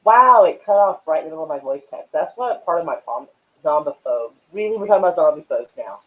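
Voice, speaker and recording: A man's voice: on the high side, expressive, fast, phone-quality sound. A man hosting a casual live stream and chatting with viewers, rambling and swearing while he smokes. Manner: rambling and profane, many fillers; smoking while talking.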